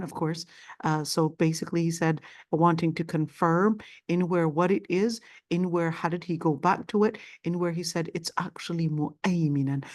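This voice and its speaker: A woman's voice: on the low side, a little mellow. Woman teaching Quran commentary. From Palestinian family. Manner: explanatory, repeats words, frequent fillers. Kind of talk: classroom lecture.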